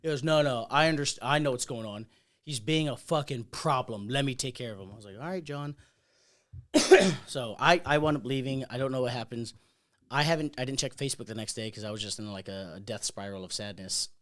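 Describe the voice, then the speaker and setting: A man co-hosting a podcast, telling a story in casual chat and acting out what people said with loud, swearing bursts. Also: mid-range voice, fairly quick. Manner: animated, acts out quotes with loud swearing bursts. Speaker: podcast co-host.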